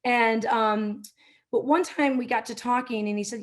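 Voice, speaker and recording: A woman's voice: on the high side, steady tone, normal speed. Woman telling a business story on stage. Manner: anecdotal, acts out quotes in softer voices. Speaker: keynote speaker, marketing executive.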